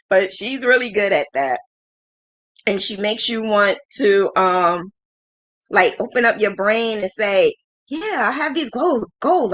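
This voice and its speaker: A woman in her thirties chatting casually on her own livestream. She rambles and laughs often, speaking frankly and teasing herself. Her pitch sits in an ordinary middle range. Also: a bit bright. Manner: frank and self-deprecating. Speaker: livestream host. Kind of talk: casual chat.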